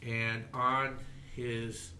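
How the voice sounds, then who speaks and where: A man narrating a tabletop game as game master. He talks slowly and haltingly, and his tone is bright. The recording has a roomy echo. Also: mid-range voice, little pitch movement, slight background noise. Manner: slow, halting narration with fillers.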